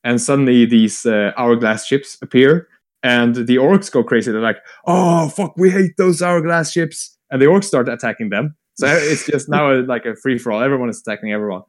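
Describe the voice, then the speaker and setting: A man casually retelling a long war story, rambling with fillers, swearing and quick acted-out quotes. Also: mid-range voice. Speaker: podcast co-host retelling lore. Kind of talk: casual chat.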